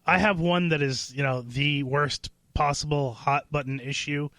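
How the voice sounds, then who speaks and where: A man's voice: a little high, fairly even intonation, moderate pace, a bit bright, dry recording. A man co-hosting a talk radio show, hesitant, with many fillers and frequent chuckles. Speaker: radio co-host. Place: radio studio. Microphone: studio microphone.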